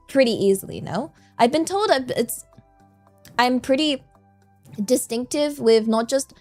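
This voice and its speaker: A woman streamer chatting casually and animatedly with her viewers, giggly and self-mocking, over faint music. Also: fairly high pitch.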